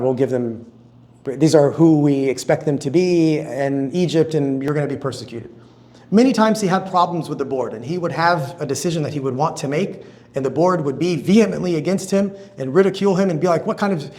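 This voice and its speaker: A man giving a conference talk in a storytelling sermon style, acting out quotes with big swings in pitch and loudness. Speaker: conference speaker.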